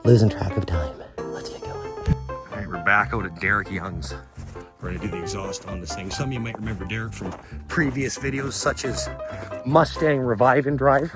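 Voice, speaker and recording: A man's voice: lowish voice, normal speed, music in the background. A man, vlogging about his car work in a rowdy, swearing, joking way, tired after a long week. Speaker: vlogger and mechanic. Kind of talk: casual vlog chat.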